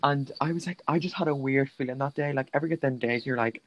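A young man co-hosting a podcast, chatting casually as a camp, animated storyteller with slangy quips. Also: medium pitch, fast, few pauses, low-quality recording. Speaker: podcast co-host. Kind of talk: casual chat.

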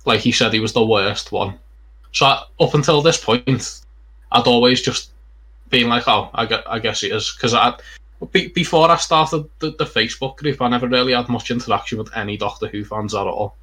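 A man's voice: medium pitch, moderate pace, bright, forceful tone, breathy edge. A young man on a podcast, chatting casually in a rambling, sweary way with lots of fillers. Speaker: podcast co-host. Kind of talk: casual chat.

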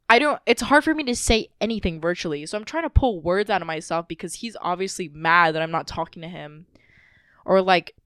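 A woman co-hosting a podcast, recounting a personal story in a loose, emotional ramble full of fillers. Her voice sits a little low and sounds smooth and clean. The sound is dry and close. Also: a bit bright, no echo. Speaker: podcast co-host. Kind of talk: casual storytelling chat.

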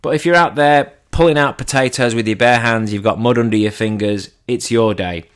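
A man's voice: a little fast, smooth. Irreverent man doing comic monologue. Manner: irreverent and deadpan, swinging pitch for punchlines. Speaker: comedian. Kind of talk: comedic monologue.

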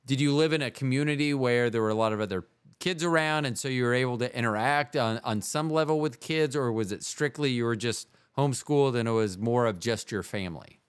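Male podcast host, rambling questions, goofy jokes, smooth clear voice, dry close sound. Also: mid-range voice, fairly quick, no echo. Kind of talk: casual interview.

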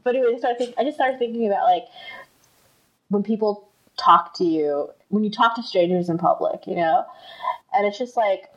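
In a muffled recording made at home, this young U.S. podcast co-host tells a story at a normal pace in a mid-range voice. Her telling is chatty and casual, and she voices each of the characters.

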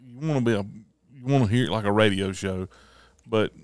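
Low-voiced man host with a rough throat. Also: fairly quick, no room sound, studio quality. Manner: rambling, with fillers and throat clearing. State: throat catching, voice off. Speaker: podcast host. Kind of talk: casual chat.

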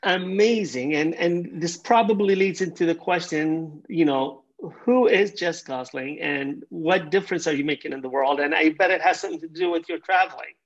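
A man's voice: on the high side, normal speed, few pauses, muffled recording. A man hosting a podcast interview, chatty and enthusiastic. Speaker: podcast host. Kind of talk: podcast interview, scripted intro.

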